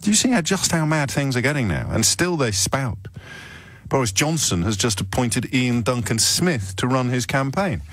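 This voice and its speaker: A man's voice: mid-range voice, lively intonation, moderate pace, fairly bright tone, no room sound. A middle-aged man hosting a radio phone-in, delivering a sardonic monologue full of incredulous rhetorical questions into a studio microphone.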